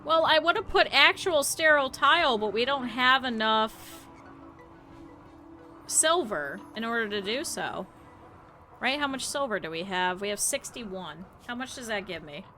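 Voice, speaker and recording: A woman streaming a game, rambling casually and bursting into loud excited outbursts. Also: a little high, unhurried, soft background music. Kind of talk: casual gaming stream chat.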